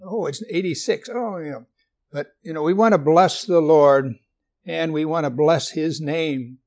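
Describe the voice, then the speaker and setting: A man delivering a sermon in a somewhat high voice. He reads scripture aloud, asks his listeners questions, and slips in gentle jokes. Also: measured pace. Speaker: preacher.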